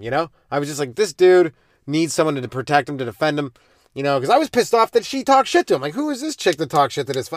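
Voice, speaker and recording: A man's voice: mid-range voice, dry recording, studio quality. A young man, a stand-up comedian, telling rambling profane stories from his car in a driveway. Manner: loose, profane, meandering, with sudden loud jumps. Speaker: stand-up comedian hosting a podcast. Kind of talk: casual rambling storytelling.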